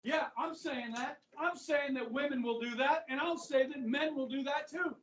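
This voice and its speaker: A man's voice: extremely high pitch, moderate pace, a bit bright. A man with a Kansas accent teaching a history class in a casual, chatty way, often checking in with "okay?". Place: school classroom. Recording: echoey classroom from far off.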